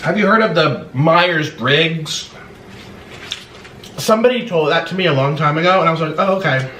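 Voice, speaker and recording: A man's voice: a little high, expressive, moderate pace, bright, forceful tone, far from the mic. A young man hosting a mukbang eating vlog, talking in a hyper, bubbly way with sing-song exclamations. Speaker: mukbang host. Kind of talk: casual eating vlog chat. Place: room at home. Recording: echoey room, mic set back, faint hiss.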